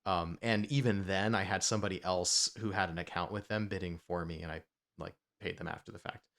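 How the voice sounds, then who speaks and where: A man's voice: deep voice, steady tone, a little fast, a bit bright. A man from New Jersey co-hosting a whiskey show in casual chat, rambling with many asides.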